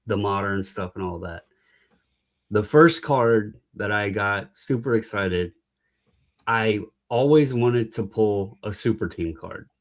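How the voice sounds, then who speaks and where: A man guest on a casual podcast, telling a halting, rambling story with many restarts. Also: on the low side.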